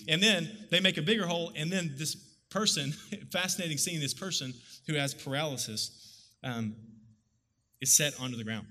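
Animated male pastor in a reverberant hall. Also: on the high side, normal speed. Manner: conversational, animated, acts out voices of people in the story. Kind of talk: sermon.

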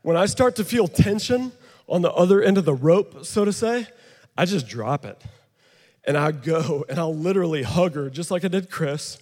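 A man preaches to a gathered audience, holding a handheld mic and joking with the crowd. His voice sits high and carries a long reverb from the big hall around him. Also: lively intonation, moderate pace, a little mellow. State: out of breath. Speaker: pastor. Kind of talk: sermon with live demonstration.

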